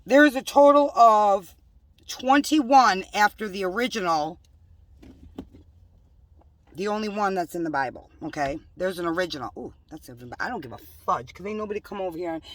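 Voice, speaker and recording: A woman's voice: medium pitch, normal speed, fairly bright tone, no room sound, distant mic. A woman preaching in a home-made religious video, emphatic and scolding, with joking asides. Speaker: self-styled religious preacher.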